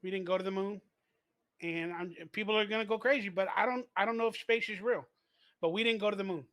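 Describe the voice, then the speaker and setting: A man's voice: high voice, fast talker, fairly bright tone. A man livestreaming to his viewers, talking earnestly with a slight lisp.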